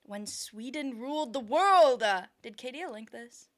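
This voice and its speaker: A woman's voice: a little high, soft background music. A woman streamer chatting casually as she reacts to and comments on clips. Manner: bursts into excited fast talk.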